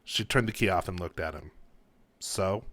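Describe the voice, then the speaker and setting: A man, an author, reading his own story aloud in a calm, unhurried way. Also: low voice, dry recording.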